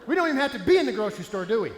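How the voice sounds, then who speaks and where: A man giving a comedic stage seminar as a speaker, animated, punchy and playful. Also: extremely high pitch. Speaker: motivational speaker. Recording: echoey hall, faint ambience.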